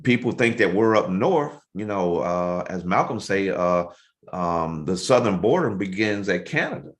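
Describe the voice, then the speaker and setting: A man's voice: low-pitched, animated, normal speed. A man hosting a casual interview over a video call, affirming and conversational with his guest. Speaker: show host.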